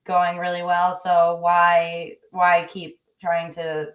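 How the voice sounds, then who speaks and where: A woman's voice: lowish voice, completely flat delivery, slow pace, highs cut off. A woman co-hosting a sports podcast, chatting casually and agreeably. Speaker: podcast co-host. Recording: echoey room.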